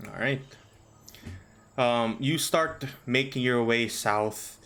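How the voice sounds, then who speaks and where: Man narrating as game master, calm pace. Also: mid-range voice. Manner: relaxed, unhurried descriptions with many ums. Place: home, online voice call.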